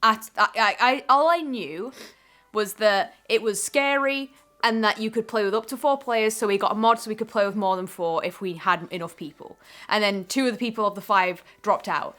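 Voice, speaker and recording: A young woman co-hosting a casual chat, telling stories in an animated way and acting out her own shouts. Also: medium pitch, normal speed. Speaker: co-host.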